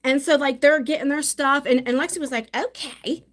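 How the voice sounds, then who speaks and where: A woman's voice: sits high, moderate pace, fairly bright tone. Chatty middle-aged woman on a phone stream. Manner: chatty storyteller with many restarts. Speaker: vlogger. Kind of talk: casual live-stream chat.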